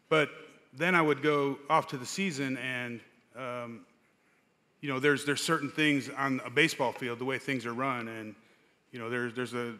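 An older man as guest speaker, telling his personal story with many pauses and fillers on a church stage. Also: medium pitch, sharp tone. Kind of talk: personal testimony in an interview. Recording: church hall reverb.

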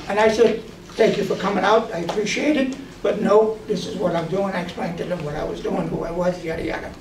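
Man, animated storyteller, casual chat, echoey room, noisy distant recording. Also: high voice, fairly quick. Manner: animated, acts out quoted voices. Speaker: drone photographer guest. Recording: roomy, distant mic, noisy.

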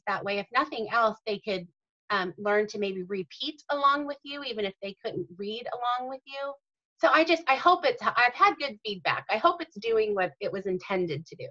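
Bright-voiced woman, earnest author guest. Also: on the high side, moderate pace. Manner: earnest, detailed explaining. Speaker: author and mother. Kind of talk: interview guest answers. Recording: dull lo-fi audio.

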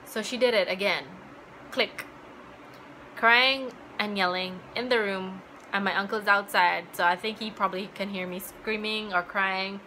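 Bright-voiced young woman, chatty vlog storytelling. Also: mid-range voice, steady tone, unhurried, a little hiss or hum, low-quality recording. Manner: chatty, full of "like" fillers, acts out remembered dialogue. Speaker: vlogger. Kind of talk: casual personal storytelling.

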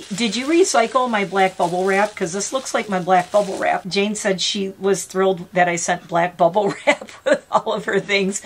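A woman's voice: medium pitch, slight background noise. A woman in her fifties chatting casually as she unboxes gifts on her vlog, gushing and talking to her pet bird. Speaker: vlogger.

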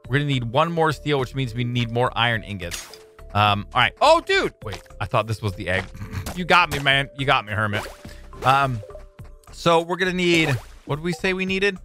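A man giving casual let's-play commentary on his own video, excitable, swinging between mumbling and loud outbursts. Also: mid-range voice, moderate pace, soft background music. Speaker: gaming YouTuber.

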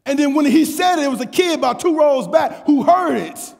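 A man delivers a sermon in a notably high voice, working the crowd with call and response. He stammers through repeated words as he tells his story and climbs to shouting. Long reverb from a large hall trails every phrase. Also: lively intonation, fairly quick, vocal fry. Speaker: pastor.

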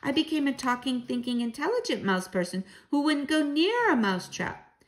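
Eager storybook mouse-boy, woman reader, high and lively. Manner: excited, quick to exclaim.

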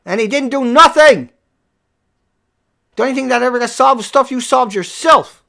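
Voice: moderate pace, creaky, long pauses. Profane ranting livestream host. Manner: profane, confrontational, swings from low muttering to yelling. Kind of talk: angry rant at viewers.

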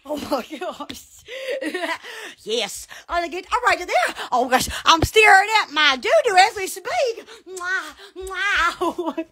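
Bright, slow-talking woman hosting a livestream; giggly, rambling, full of exclamations. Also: extremely high pitch, lively intonation. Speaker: livestream host. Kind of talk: casual Instagram livestream chat.

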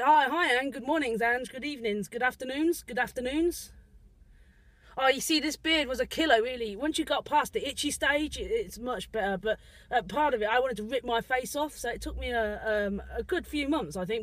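Cast: woman doing a rambling male cabbie with a shaky put-on South African accent, high voice, chatting into a phone in his car. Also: moderate pace, fairly bright tone, dry recording, lightly acted, rough recording. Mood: cheery. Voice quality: rambling, repeats greetings, giggly asides. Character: chatty male taxi driver with ginger beard. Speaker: parody livestreamer. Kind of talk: improvised comic livestream parody. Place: inside a parked car. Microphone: phone livestream at arm's length.

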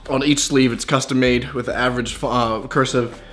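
A man's voice: medium pitch, fairly even intonation, moderate pace, a bit bright. A young man hosting a casual vlog, talking to camera in a joking, rambling, offhand way. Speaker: YouTuber host.

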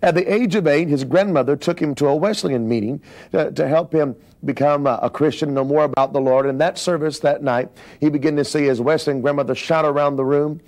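A man's voice: fairly high pitch, brisk, darkish tone. A man giving a biographical teaching talk, explaining in a plain way and adding personal asides. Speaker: speaker recounting a minister's biography.

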